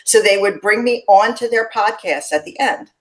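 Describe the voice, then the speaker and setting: A woman in her forties tells her story as an interview guest. She talks casually and acts out other people's lines with lively energy. Her voice comes over a video call. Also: mid-range voice, moderate pace, poor audio. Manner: animated storytelling, acts out quotes. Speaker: podcast guest.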